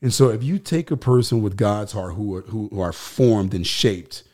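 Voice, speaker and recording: A man's voice: on the low side, normal speed, darkish tone. A male pastor, a guest on the show, teaching scripture in conversation. He talks in an emphatic, preacherly way and builds his points through repetition.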